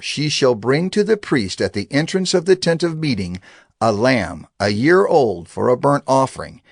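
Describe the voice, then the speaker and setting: A man giving a measured, expressive scripted narration of scripture. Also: mid-range voice, gravelly, no echo, clean studio sound.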